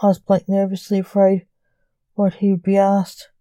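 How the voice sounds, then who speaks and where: A woman hosting a podcast, reading a story aloud in a calm, measured way. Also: mid-range voice, dry recording. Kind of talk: scripted story narration.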